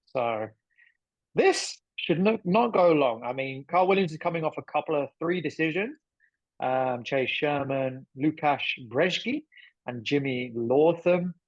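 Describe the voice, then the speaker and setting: A man's voice: a little high, lively intonation, unhurried, dry recording. Chatty male podcast host, dull lo-fi sound. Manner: chatty, thinking aloud with many fillers. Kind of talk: casual sports chat.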